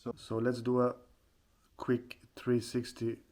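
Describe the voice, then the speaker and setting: A man's voice: mid-range voice, monotone, slow, a little mellow. A man doing a casual product unboxing at home in his apartment, speaking plainly and often restarting his phrases. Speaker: tech reviewer.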